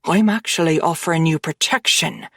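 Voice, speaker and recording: A woman voicing a cold, dangerous mafia man who speaks calmly and conversationally, with quiet menace in an audiobook. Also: sits low, normal speed, vocal fry, no room sound, studio quality, voice pushed down, full character voice. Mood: coldly persuasive. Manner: calm, conversational, quietly threatening.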